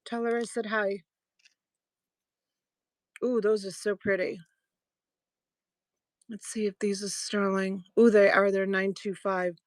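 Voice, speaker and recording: A woman runs a casual live jewelry sale, talking to her viewers one by one and calling them sweetheart and honey. Her pitch sits in the middle range for a woman. The sound is dry, with no room echo. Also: little pitch movement, slow, pauses often. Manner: chatty, affectionate, thanks viewers by name. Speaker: live-stream jewelry seller. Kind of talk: casual live-selling chat.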